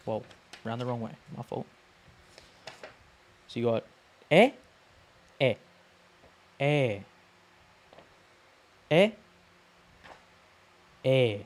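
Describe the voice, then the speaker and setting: Guy streaming a language lesson, slightly high voice, chatty and loose, drags out sounds to show them. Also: darkish tone. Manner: chatty, repeats sounds slowly and drawn out. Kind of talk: casual live-stream teaching.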